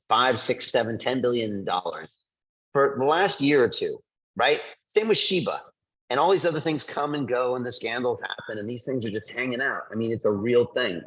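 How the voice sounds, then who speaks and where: A male host speaking to a group in an excited, emphatic monologue with quick asides. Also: medium pitch, lo-fi sound. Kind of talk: energetic monologue to a live group.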